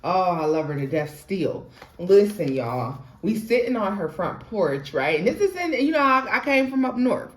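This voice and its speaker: A young woman telling her own ghost story in an animated, chatty way, talking straight to viewers and laughing often. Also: medium pitch, normal speed. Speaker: tarot reader and storyteller. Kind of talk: casual storytime vlog. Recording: roomy echo.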